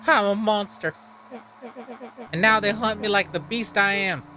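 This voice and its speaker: A man's voice: high-pitched, measured pace, sharp tone, slight background noise. A man voicing a bitter, self-pitying undead boy who hides as a monster. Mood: gloomy. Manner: sulky, self-pitying, resentful.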